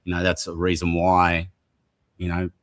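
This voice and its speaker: Man, interview host, very deep voice, reflective conversational questions. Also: completely flat delivery, normal speed, a bit bright.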